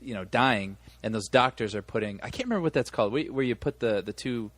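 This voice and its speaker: A man's voice: mid-range voice, fast. A man co-hosting a movie podcast, telling a long story in casual chat with many restarts. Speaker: podcast co-host.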